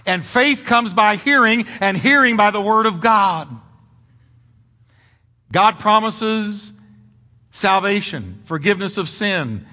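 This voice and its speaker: A man's voice: high-pitched, bright, forceful tone, long reverb tail. A man pastor delivering a sermon, emphatic and repetitive, mixing humor with preaching in a church. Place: church sanctuary.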